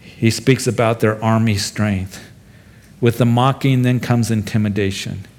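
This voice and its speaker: A man's voice: fairly low pitch, steady tone, a little slow, darkish tone. Man preaching in a conversational tone. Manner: conversational, speaks directly to the listeners. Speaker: pastor. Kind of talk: expository sermon.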